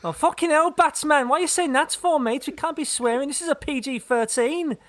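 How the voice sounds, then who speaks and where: A man's voice: a little fast, fairly bright tone. A man putting on a Scouse accent to voice a middle-aged male police commissioner who swears and scolds. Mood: exasperated. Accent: Scouse, put on. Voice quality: high-pitched, sweary.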